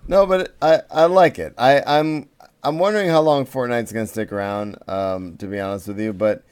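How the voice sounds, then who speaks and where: A man's voice: mid-range voice, normal speed, darkish tone, clear, resonant tone. A man co-hosting a casual podcast, rambling with restarts and fillers. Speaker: podcast co-host. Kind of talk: casual chat.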